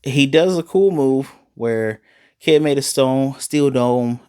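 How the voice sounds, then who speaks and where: Animated man recapping an anime episode. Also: mid-range voice, takes it slowly, smooth, no room sound, studio quality. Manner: animated, retells scenes with quoted lines. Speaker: anime reviewer.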